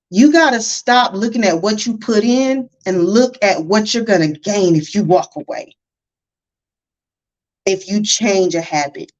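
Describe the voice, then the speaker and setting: A woman hosting a spiritual healing livestream, talking casually and preachily to viewers and reading their chat comments aloud. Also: mid-range voice. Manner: animated, preachy, addresses viewers as y'all and baby, reads chat comments aloud. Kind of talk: casual motivational livestream talk. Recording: dull lo-fi livestream audio.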